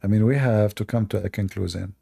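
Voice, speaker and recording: A man's voice: on the low side, fairly quick, gravelly, dark tone, breathy edge. A man with a non-native English accent hosting a livestream and giving sarcastic, mocking commentary. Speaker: livestream debate host.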